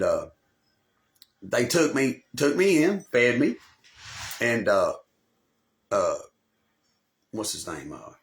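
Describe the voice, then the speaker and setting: A channel host tells a long, rambling personal story straight to camera, swaggering and boastful, swearing in nearly every sentence. He loses the thread, repeating himself and restarting. His voice sits at an ordinary middle pitch with a fairly bright tone.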